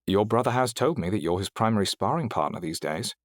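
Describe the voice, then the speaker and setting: An audiobook narrator, a man with a fairly low voice close to his everyday one, performs a courteous, poised female AI companion speaking with a British accent. He keeps her diction precise and proper, delivering it expressively and a little fast with no echo.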